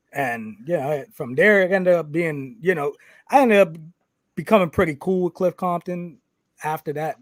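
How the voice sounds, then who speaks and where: A man in a casual podcast, telling a wrestling story in a slightly high voice, full of swearing and acted-out exchanges. His voice is close and dry, with no room around it. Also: normal speed, no echo. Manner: animated, swears constantly, acts out quoted exchanges.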